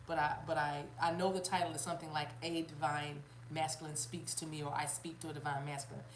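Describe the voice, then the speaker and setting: A woman's voice: deep voice, flat delivery, fast talker, reverberant, background noise. A woman giving a spiritual reading on a live stream, rambling, with many fillers and restarts, talking straight to her viewers. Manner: addresses viewers and chat directly, laughs often. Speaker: spiritual reader.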